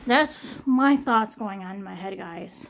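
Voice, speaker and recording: A woman's voice: medium pitch, unhurried, creaky, fairly bright tone. A young woman in an emotional personal vlog, venting and swearing, shaky and near tears from pain. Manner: distressed, venting, swearing often. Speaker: vlogger.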